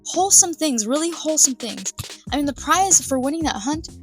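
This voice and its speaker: A young woman vlogger giving indignant, sarcastic reaction commentary, sometimes drawing words out slowly for emphasis. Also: high voice, expressive, faint music behind. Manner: pauses to over-stress words slowly.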